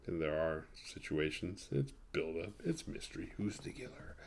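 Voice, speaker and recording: A man's voice: sits low, lively intonation, moderate pace, gravelly. Podcast host, man, casual profane movie recap, sarcastic asides, rambles.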